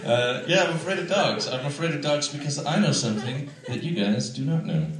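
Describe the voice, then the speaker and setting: A man from Canada performs a stand-up set, rambling and mocking himself with lots of fillers. His voice sits at a plain middle pitch. It echoes heavily through the club from a distance, with an audience laughing behind it. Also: fairly quick, over a noisy crowd. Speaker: stand-up comedian. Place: comedy club stage.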